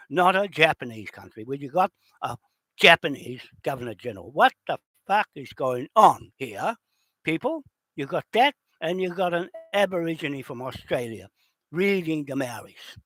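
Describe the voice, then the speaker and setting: New Zealand man, fired-up profane rant, fairly high voice, dry close sound. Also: sing-song, moderate pace, a bit bright, no room sound. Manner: heated, profane, addresses opponents directly. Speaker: video channel host. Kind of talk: angry ranting monologue.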